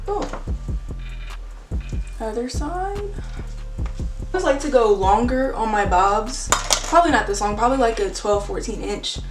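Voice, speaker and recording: A woman's voice: fairly high pitch, animated, unhurried, pauses often, far from the mic. Chatty young woman vlogging in an echoey room. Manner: chatty, filler-heavy, slangy. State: out of breath. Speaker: beauty vlogger. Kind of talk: casual hair tutorial chat. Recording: roomy echo, mic set back, faint music.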